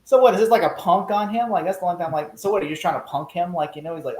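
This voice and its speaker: A man who is a guest in a casual podcast discussion, telling stories with lively energy and acting out quotes in mock voices. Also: high-pitched, rapid-fire, hardly any pauses, reverberant, rough recording.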